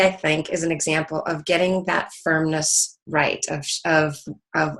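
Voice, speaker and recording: A middle-aged woman explains a parenting idea and tells a story to illustrate it. She speaks earnestly, with frequent ums and restarts, and her voice sits a little low. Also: a bit bright, poor audio. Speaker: parenting educator. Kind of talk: teaching talk with an anecdote.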